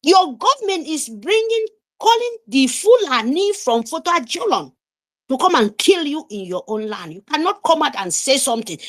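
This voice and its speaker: Woman, high and swooping voice, heated and scolding, political rant. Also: very animated, normal speed. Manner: heated, scolding, repetitive questions. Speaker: participant in an online audio room. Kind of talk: impassioned political speech.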